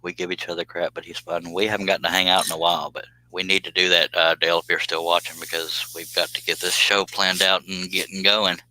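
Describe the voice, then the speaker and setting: A man's voice: deep voice, flat delivery, fast, hardly any pauses, bright, forceful tone, poor audio. A man chatting casually on a woodworking live stream, laughing often and reading viewer comments aloud. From United States. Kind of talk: casual live stream chat while working.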